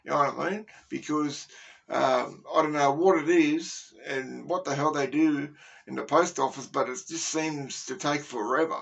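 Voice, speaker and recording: A gravelly-voiced man with an Australian accent spins a prison yarn, pitched a little high. He rambles, swears freely and keeps checking in with "you know what I mean" and "right". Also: normal speed, a bit bright. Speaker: former inmate storyteller. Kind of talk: casual storytelling.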